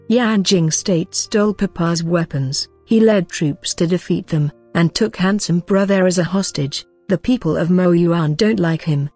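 A woman narrating a scripted story in an even, synthetic-sounding read. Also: on the low side. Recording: faint music behind.

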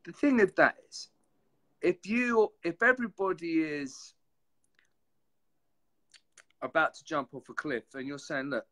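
A man's voice: on the high side, big pitch swings, unhurried, pauses often, fairly bright tone. A man co-hosting a casual motivational chat, earnest and a bit rambling. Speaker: co-host.

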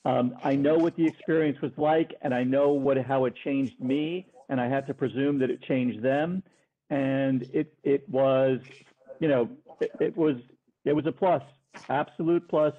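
A man's voice: mid-range voice, steady tone, measured pace. Brief: male lawyer on a video call, thin phone-like audio, earnest and emphatic. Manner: emphatic, repeats himself while he searches for words. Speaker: lawyer, alumni panelist. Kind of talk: panel discussion.

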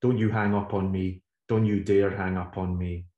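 A man's voice: sits low, flat delivery, normal speed, dark tone, dull audio, lightly acted. A man voicing a bitter, drunk older woman who hisses and curses down the phone in a roomy recording. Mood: venomous. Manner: hissing, cursing, menacing. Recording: roomy echo.

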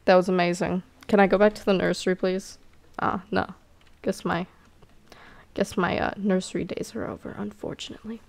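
Woman gamer, casual and excitable, gravelly fry in the voice. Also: mid-range voice, normal speed. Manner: giggly, excitable, self-mocking. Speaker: gamer playing a cat role-play game. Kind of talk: casual let's-play commentary.

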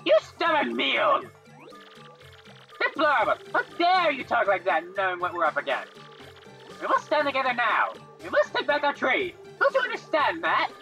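A woman's voice: fairly low pitch, wildly swooping pitch, moderate pace, soft background music, heavily acted. A woman voicing a cranky old female creature elder who scolds and barks orders. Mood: furious. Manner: bossy, scolding, shouting orders.

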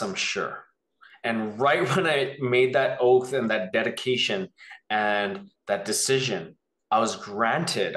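A man telling a personal story as an interview guest, rambling and animated, acting out the voices he quotes. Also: fairly low pitch, reverberant.

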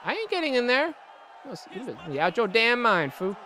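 A man commentating his own wrestling video game play, excitable and profane, trash-talking his opponent, groaning at hits and yelling when things go wrong. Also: very high voice, moderate pace, some chatter behind. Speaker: gameplay commentator.

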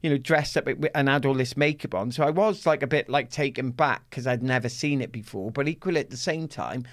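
Man, middle-aged, interview guest: animated storyteller, laughs through his tales, swears freely. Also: mid-range voice, fairly quick. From Wales. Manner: laughs often, swears freely, acts out his own shouts.

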